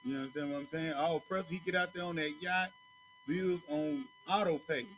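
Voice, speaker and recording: A man's voice: fairly high pitch, fairly even intonation, moderate pace, a bit bright, slight background noise, low-quality recording. A man teaching scripture in a loose, conversational way, often checking that his listeners follow him and calling them brother. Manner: conversational, keeps asking "you know what I'm saying", calls listeners brother. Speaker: teacher at a religious school. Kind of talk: casual preaching to a small group.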